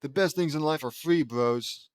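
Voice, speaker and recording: A man's voice: fairly high pitch, normal speed, no echo, studio quality, natural voice. A man voicing a laid-back rocker teen girl who talks in an easygoing, slangy way. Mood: chill.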